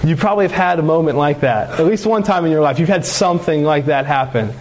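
A man's voice: on the high side, fast, very noisy. A man preaching a sermon as pastor, earnest and building into fervent exhortation.

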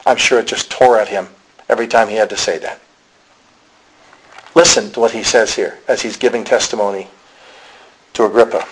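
A man's voice: fairly low pitch, steady tone, moderate pace, pauses often, slightly rough, poor audio. A man with a Pennsylvania accent preaching a sermon, telling the story dramatically and acting out the voices of the people he quotes. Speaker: pastor.

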